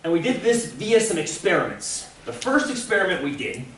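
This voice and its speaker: A male teacher giving a casual, animated classroom lecture, encouraging students and asking them questions. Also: sits high, normal speed, a little hiss or hum. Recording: echoey classroom from far off.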